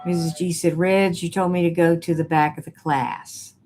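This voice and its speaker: A woman's voice: on the low side, steady tone, moderate pace, a little mellow, faint music behind. A woman hosting a casual live stream, reading viewer comments aloud with sassy, teasing asides.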